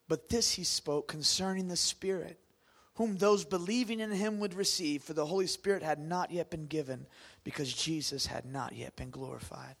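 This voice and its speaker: High-voiced preacher, loud then hushed. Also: male voice, normal speed, gravelly, few pauses. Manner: dramatic swings from loud bursts to hushed near-whispers; conversational, asks the congregation questions. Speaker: pastor. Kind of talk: sermon.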